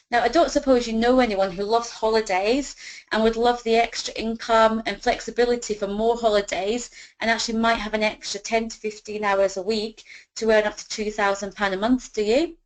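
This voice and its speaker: A woman's voice: on the high side, steady tone, fairly quick, rough recording. Chatty woman coaching sales scripts. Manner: chatty, fills with "you know", acts out sample dialogue. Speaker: business trainer.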